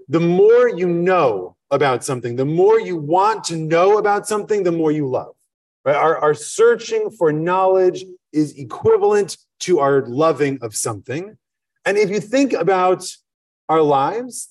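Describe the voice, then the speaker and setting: A man's voice: sits high, recorded from a distance. A man giving a sermon as rabbi, telling a parable and acting out its characters, then teaching with rhetorical questions. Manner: storytelling, acts out characters in the tale, asks rhetorical questions.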